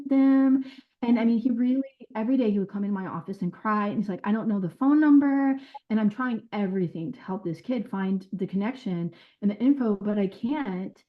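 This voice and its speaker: A woman's voice: on the high side, moderate pace. Earnest woman recounting casework, lo-fi. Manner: earnest, animated storytelling with quoted dialogue. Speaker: former caseworker. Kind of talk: recounting stories in an interview. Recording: dull lo-fi sound.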